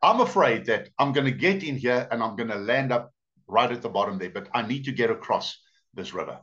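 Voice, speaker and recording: Sly coaxing snake, put on by a man, lively rising pleas, dull lo-fi sound. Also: mid-range voice, fairly quick, lightly acted. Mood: pleading. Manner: wheedling, coaxing. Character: sly pleading male snake in a fable.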